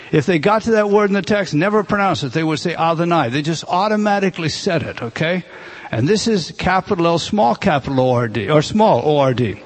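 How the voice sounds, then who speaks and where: A man preaching a sermon, explaining a Bible passage verse by verse as he writes words out on a board. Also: fairly high pitch. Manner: explanatory, writing on a board as he teaches. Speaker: pastor.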